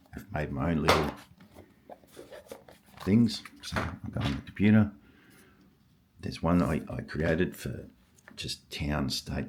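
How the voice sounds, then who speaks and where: Older male hobby vlogger, husky, deep and gravelly, excitable muttering to himself. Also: noisy background. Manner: excitable, murmurs and exclaims to himself. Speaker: stamp collector. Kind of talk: casual vlog, thinking aloud while sorting.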